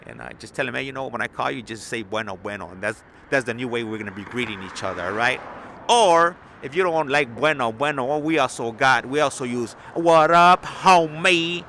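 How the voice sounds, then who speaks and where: Laid-back Los streamer outdoors. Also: male voice, mid-range voice, fairly quick, creaky, pushed and bright. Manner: laid-back, rambling, slangy. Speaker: live stream host. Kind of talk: casual live-stream chat. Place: outdoors at an airport. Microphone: phone. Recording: phone stream outdoors with street noise. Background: traffic and vehicle noise.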